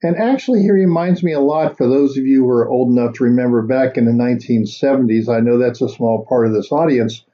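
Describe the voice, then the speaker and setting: Dark-voiced man hosting political commentary. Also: medium pitch, steady tone, fast, hardly any pauses. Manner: rambling, unscripted, with fillers. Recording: dull lo-fi audio.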